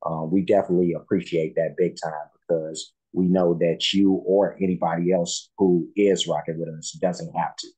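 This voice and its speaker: A man's voice: sits low, level tone, moderate pace, hardly any pauses, mellow, husky, low-quality recording. A man hosting a reaction channel, chatting casually and rambling with many fillers. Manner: rambling, filler-heavy, friendly. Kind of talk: casual reaction video chat.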